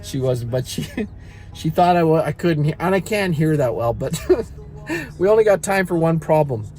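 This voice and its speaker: Middle-aged man vlogging in back pain, somewhat high voice, rambling and self-deprecating, faint music behind. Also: expressive, normal speed, darkish tone. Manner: rambling, self-mocking, chuckles at own jokes. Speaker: vlogger and songwriter. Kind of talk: casual storytelling to viewers.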